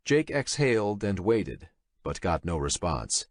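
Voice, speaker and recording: A man narrating an audiobook in a dramatic, expressive reading style. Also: low-pitched, a little slow, no room sound, studio quality. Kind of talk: scripted narration.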